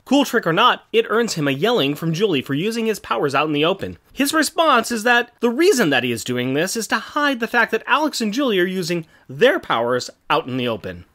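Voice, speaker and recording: A man's voice: high-pitched, big pitch swings, brisk, few pauses, bright, forceful tone. A man co-hosting a podcast, recapping a comic book with sarcastic quips. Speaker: podcast co-host.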